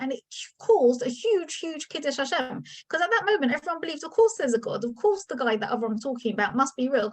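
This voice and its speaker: A young woman teaching a lesson as a lively storyteller, acting out the characters' lines. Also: fairly high pitch, low-quality recording. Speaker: Torah teacher.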